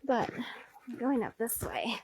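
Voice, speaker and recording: Breathless high-voiced woman on a hike. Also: very animated, a little slow, a little mellow, a little hiss or hum. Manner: breathless, chatty, baby talk to her dogs. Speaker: dog owner vlogger. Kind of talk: casual live-stream chat. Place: mountain trail outdoors. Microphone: phone held selfie style.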